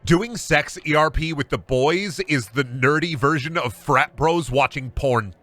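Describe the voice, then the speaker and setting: A man's voice: a little high, a little slow, pushed and bright, dry recording, faint music behind. A man streaming a game, joking and swearing as he plays and answers chat, often laughing in exasperation. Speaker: gaming streamer. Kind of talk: livestream commentary while playing and reading chat.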